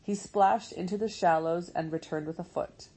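A woman reading a storybook aloud as narrator, in a measured, steady way. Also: fairly low pitch, breathy edge, poor audio. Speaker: audiobook narrator.

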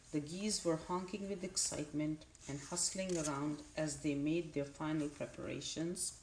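A woman narrating a storybook in a calm, steady way. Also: deep voice, moderate pace, few pauses, slight background noise. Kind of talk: audiobook narration. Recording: roomy echo.

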